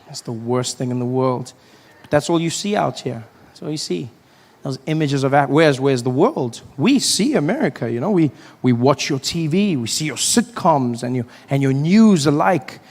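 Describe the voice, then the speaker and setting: A man in his thirties with a South African accent, performing an animated stand-up routine and acting out voices. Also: mid-range voice, normal speed, long reverb tail. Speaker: stand-up comedian. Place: comedy stage before a live audience. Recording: live show with faint crowd and noise.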